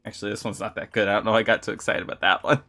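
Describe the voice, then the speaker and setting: A woman's voice: a bass voice, steady tone, rapid-fire, a bit bright. A woman streamer chatting casually while gaming, fumbling for words and giggling often.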